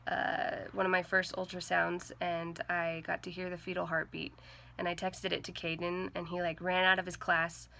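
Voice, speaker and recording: Earnest young woman with a gravelly low voice. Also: completely flat delivery, bright, forceful tone, a little hiss or hum. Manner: earnest, halting, heavy with fillers like "like" and "um". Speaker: vlogger. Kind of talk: personal storytelling to camera.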